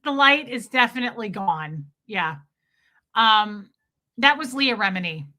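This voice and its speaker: A woman hosting a livestream, chatty and animated, greeting viewers in chat by name as she comments. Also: a little high, measured pace. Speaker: host, livestreamer.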